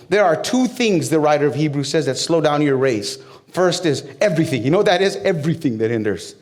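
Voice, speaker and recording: A male pastor preaching a sermon, talking straight to the people in the room with humor and questions, and building up to loud, high-pitched climaxes. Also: expressive, fairly quick. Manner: conversational with humor and direct questions to the crowd.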